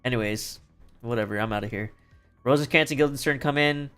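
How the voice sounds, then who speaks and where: A man's voice: medium pitch, fairly quick, fairly bright tone, clear, resonant tone. A man streaming from home, recapping a play in casual chat, rambling and swearing with lots of fillers and restarts. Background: faint background music.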